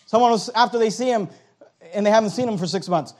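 Middle-aged male pastor, very high voice, emphatic sermon delivery with hushed asides. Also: very animated, fast talker. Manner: emphatic preaching with sudden drops to a hush.

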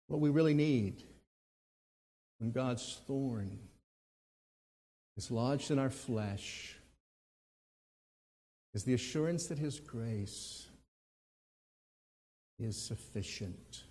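A man preaching a sermon who swings between forceful, emphatic lines and hushed, quiet ones. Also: mid-range voice, drawn-out words, long pauses, slightly rough. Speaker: pastor. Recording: long hall reverb.

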